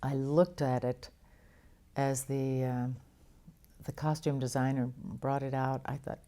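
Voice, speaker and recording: Older woman, low voice, warm tone, storytelling interview guest, laughs and restarts. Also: takes it slowly, pauses often. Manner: animated anecdotes with frequent laughs and restarts.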